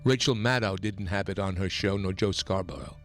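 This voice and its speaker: A man hosting a talk radio show, delivering an impassioned, emphatic political monologue that climbs toward near-shouting. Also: deep voice, a little fast, soft background music. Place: radio studio.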